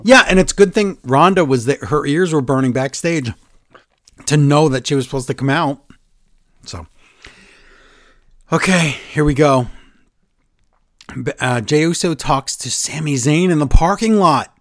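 A man's voice: fairly high pitch, unhurried, long pauses, dry recording, clean studio sound. A man co-hosting a casual podcast chat, recapping wrestling and acting out the quotes in different voices. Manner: animated, acts out quotes with voice changes.

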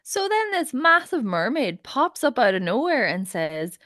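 Woman co-host, gossipy storyteller, expressive, dry close recording. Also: sits high, unhurried, no room sound. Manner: chatty, gossipy retelling. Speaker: podcast co-host. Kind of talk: comic storytelling chat.

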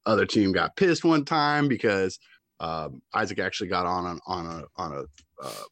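A man co-hosting a podcast, a youth baseball coach telling a game story in casual chat, animated and acting out what people shouted. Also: low-pitched, moderate pace, dry recording. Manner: animated storyteller who acts out shouted quotes.

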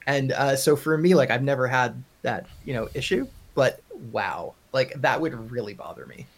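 A man's voice: medium pitch, animated, moderate pace. A man from Long Island with a Long Island accent, hosting a casual podcast chat and ranting in an exasperated, joking way. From Long Island, New York. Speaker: podcast host.

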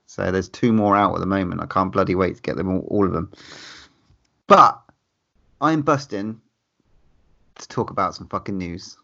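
A man's voice: low-pitched, normal speed, creaky, pauses often, pushed and bright, lo-fi sound. A man around forty co-hosting a casual podcast, swearing freely and gushing about horror film news. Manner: swears freely, laughs often, enthusiastic. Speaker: podcast co-host.

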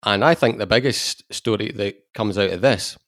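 Low-voiced man hosting a podcast. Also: moderate pace, a bit bright, no room sound, studio quality. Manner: conversational, leads the discussion. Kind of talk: casual podcast discussion.

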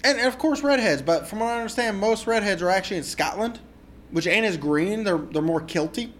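A man's voice: high-pitched, expressive, a little fast, slight background noise. A man co-hosting a podcast, talking about movies casually, joking and swearing freely. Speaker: podcast co-host.

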